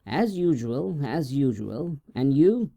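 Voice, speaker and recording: A man's voice: mid-range voice, very animated, slow pace, gravelly, mellow, no echo, exaggerated voice. A man voicing a spiteful, grasping old village washerwoman in a storybook reading, with a curt, raised put-on voice.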